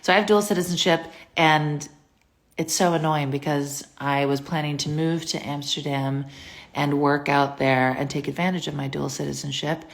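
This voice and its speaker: A woman's voice: sits low, steady tone, moderate pace. A young woman from the US, casually chatting on a phone live stream and answering viewer questions in a rambling way, with lots of fillers. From United States.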